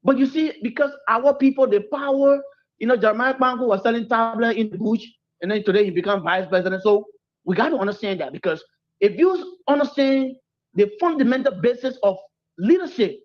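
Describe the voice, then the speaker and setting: A man calling into a radio show from abroad, arguing in a measured way that builds in emphasis. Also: very high voice. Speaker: caller. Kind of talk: call-in opinion. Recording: muffled phone line.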